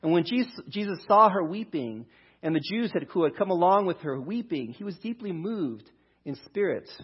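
A pastor preaching a conversational sermon, talking through a scripture passage. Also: male voice, high-pitched, animated, normal speed, breathy edge, highs cut off. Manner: conversational, restarts, reads scripture aloud.

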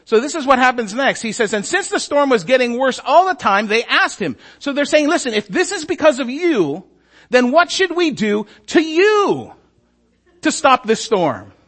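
A man's voice: very high-pitched, normal speed. A man preaching a sermon as a story, acting out the characters' lines and often asking the congregation "right?". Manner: animated, acts out voices, asks "right?".

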